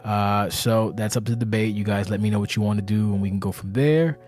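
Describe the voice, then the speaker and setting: Rambling, profane man, low voice. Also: steady tone, brisk, a little mellow, soft background music. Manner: rambling, profane, self-interrupting. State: tired and anxious. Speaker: community leader of an online wrestling game league. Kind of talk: casual podcast monologue. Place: indoors, seated.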